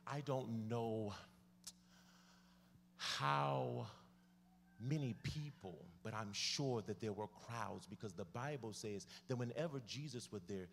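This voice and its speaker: A male preacher, shouting and repeating phrases, calling out to the congregation. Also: medium pitch, slow pace, vocal fry, slight background noise. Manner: shouting and hollering; swings from loud shouts to soft asides. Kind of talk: sermon. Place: church sanctuary. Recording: long hall reverb.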